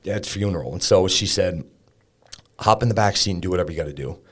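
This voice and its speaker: Fast and low-voiced, a man in his thirties tells a candid personal story as a guest on a podcast. His conversational delivery is full of fillers and restarts.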